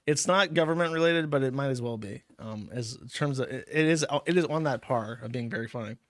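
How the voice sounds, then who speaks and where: Male livestream host, mid-pitched, rambling and profane, close dry mic. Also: a little fast, no room sound. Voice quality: rambling, profane, laughs often. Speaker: livestream host reading paid chat messages. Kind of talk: casual livestream chat.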